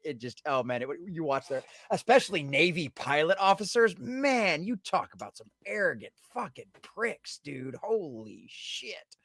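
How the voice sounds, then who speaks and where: A man's voice: fairly high pitch, fairly bright tone, no echo. A man co-hosting a casual veterans' podcast who tells profane, laughing anecdotes. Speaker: podcast co-host. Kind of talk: casual chat.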